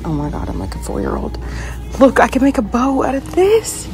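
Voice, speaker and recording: A woman, talking casually and excitedly to her phone camera as she shops in a fabric store. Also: fairly high pitch, normal speed. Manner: chatty, excitable, says "y'all" and "freaking". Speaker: vlogger. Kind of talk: casual vlog narration. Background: background music.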